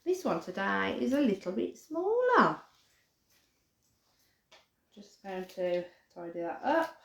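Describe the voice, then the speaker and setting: A woman with a gravelly, mid-range voice takes it slowly as she presents a live craft lesson for kids, the sound reverberant. She stays chatty and cheerful, now and then barking like a dog for fun.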